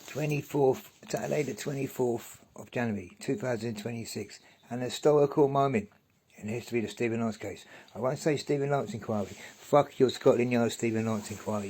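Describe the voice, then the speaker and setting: A man's voice: medium pitch, a little mellow, breathy edge. A middle-aged man from England, talking to camera in a loose, rambling, profane monologue. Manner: profane, ranting, loose and wandering. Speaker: vlogger.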